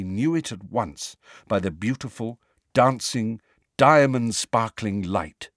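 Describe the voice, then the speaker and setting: Guy reading an audiobook, lowish voice, lots of pitch movement, dry close mic. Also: lively intonation, slow pace, no room sound. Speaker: audiobook narrator. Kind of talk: scripted storybook narration.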